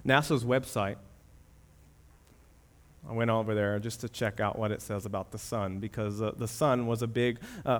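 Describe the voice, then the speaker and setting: A man preaching a sermon as pastor, moving between loud emphatic declarations and hushed, reverent passages. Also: mid-range voice.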